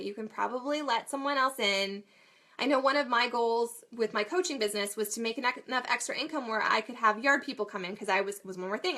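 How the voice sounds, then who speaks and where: Woman, 30s, mom vlogger; bright, slightly high voice, chatty, laughs at herself. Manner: chatty, self-deprecating, laughs often. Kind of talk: casual talk to camera.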